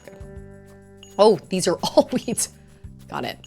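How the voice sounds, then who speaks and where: A woman's voice: medium pitch, very animated, measured pace, vocal fry, darkish tone, soft background music. A woman from Utah streaming a game, rambling chattily and laughing often as she plays. She enunciates carefully, with hard R's. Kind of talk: casual chat while playing a game.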